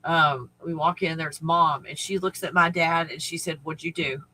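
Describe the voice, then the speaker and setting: A man's voice: fairly high pitch, steady tone, normal speed, bright, forceful tone, rough recording. A man hosting a casual live stream, rambling through stories, laughing often, swearing freely and greeting viewers by name.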